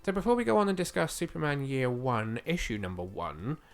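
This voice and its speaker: A male podcast co-host chats eagerly at a fairly quick pace, using lots of fillers. His medium-pitched voice swings hugely in pitch and sounds creaky, as if slightly going. Faint music plays behind him.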